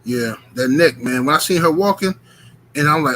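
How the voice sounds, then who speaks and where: Profane, animated man telling a story. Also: fairly high pitch, moderate pace, poor audio. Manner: profane, animated, rambling with lots of filler. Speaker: streamer telling stories to chat. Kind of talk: casual storytelling.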